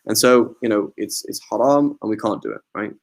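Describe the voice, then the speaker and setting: A man's voice: lowish voice, lively intonation, brisk, creaky. A man giving an informal religious class in a mosque, talking conversationally, often checking in with "right?" and mixing in Arabic religious terms. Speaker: religious teacher.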